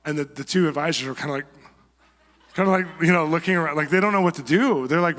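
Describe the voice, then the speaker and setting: Animated man preaching in a reverberant hall. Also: on the high side, fast. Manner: animated storyteller acting out quoted voices. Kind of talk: sermon storytelling. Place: church hall. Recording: long church hall reverb.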